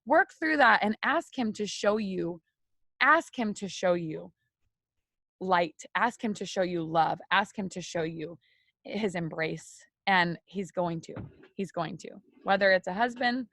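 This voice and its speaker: A woman's voice: lowish voice, a little slow, fairly bright tone, no room sound. A young woman speaking candidly to viewers in a personal devotional talk, confiding and repeating phrases for emphasis. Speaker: faith video host.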